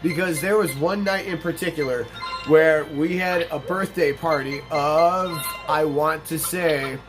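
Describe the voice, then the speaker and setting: A man's voice: fairly high pitch, unhurried, over music. A young man hosting a let's play, rambling through casual, profane gameplay commentary and stories.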